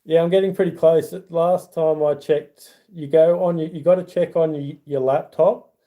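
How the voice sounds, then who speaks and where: A man's voice: on the high side, steady tone, normal speed, dark tone. A middle-aged Australian man hosting a casual livestream, rambling in a friendly way and reading viewer comments aloud. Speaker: YouTube channel host.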